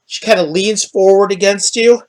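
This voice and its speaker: A man running a tabletop game as game master, narrating scenes in a halting, descriptive way. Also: sits high, steady tone, darkish tone. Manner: descriptive, halting, with restarts and quick laughs.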